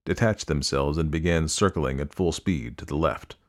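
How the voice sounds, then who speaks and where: Brief: male audiobook narrator, very deep voice, measured reading. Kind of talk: scripted storybook narration.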